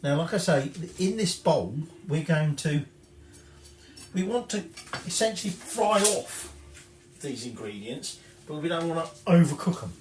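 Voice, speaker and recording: A man talks through a recipe in a loose, chatty way, drifting off track, correcting himself and swearing in passing. His voice sits a little high for a man. The sound is roomy and echoey, with dishes and cutlery clattering clearly behind him. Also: animated, a little slow, a little hiss or hum. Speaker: home cook presenting a recipe. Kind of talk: casual cooking demonstration. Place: home kitchen.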